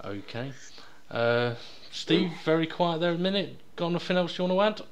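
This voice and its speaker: A man's voice: a little high, lively intonation, moderate pace, clear, resonant tone. A man hosting a casual podcast, rambling and joking with lots of ums and uhs. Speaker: podcast host. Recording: noisy background hiss.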